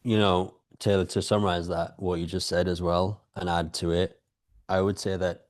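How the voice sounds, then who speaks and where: A man as a podcast guest, giving calm reflective spiritual talk and telling stories with rhetorical questions. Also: low-pitched, normal speed.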